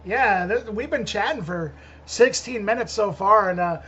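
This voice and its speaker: A man's voice: sits high, moderate pace, pushed and bright, highs cut off, a little hiss or hum. A man co-hosting a podcast over an internet call, rambling casually with lots of laughter and restarts. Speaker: podcast co-host. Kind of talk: casual chat. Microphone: remote call over the internet.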